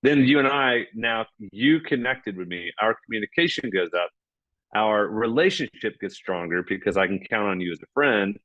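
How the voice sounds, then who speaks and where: A man speaking as a podcast guest, explaining ideas in a conversational way and acting out bits of dialogue with lively energy. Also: lowish voice, no echo, lo-fi sound. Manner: animated, acts out dialogue.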